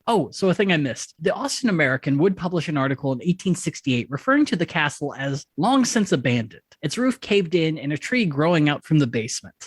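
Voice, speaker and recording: A woman's voice: low-pitched, no room sound, clean studio sound. A woman co-hosting a podcast, telling a history story in a wry, profane, casual way with frequent laughs. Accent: Texan. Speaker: podcast co-host.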